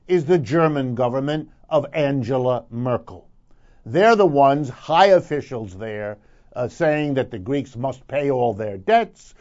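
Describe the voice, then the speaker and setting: A man's voice: mid-range voice, darkish tone, lo-fi sound. A man giving a radio commentary segment, emphatic and lecturing, building his points through repetition. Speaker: economic commentator.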